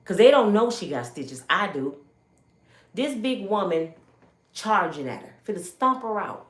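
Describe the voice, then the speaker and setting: Roomy-sounding animated middle-aged woman storyteller. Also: medium pitch, a little slow. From Michigan, United States. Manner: animated, acting out the voices of the people in her story. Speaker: storyteller giving a personal testimony. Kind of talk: casual spoken storytelling. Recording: roomy echo.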